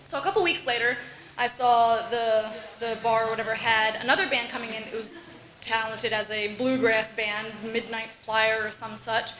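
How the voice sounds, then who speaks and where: A woman telling a personal story live on stage, animated and laughing often as she acts out her relatives' lines. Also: on the high side, moderate pace, reverberant, rough recording. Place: bar or small venue with audience.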